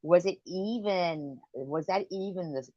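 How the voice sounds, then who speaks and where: A woman's voice: lowish voice, unhurried, no room sound, highs cut off. A woman hosting a late-night live stream chat, telling stories in a profane, rambling rant. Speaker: livestream host.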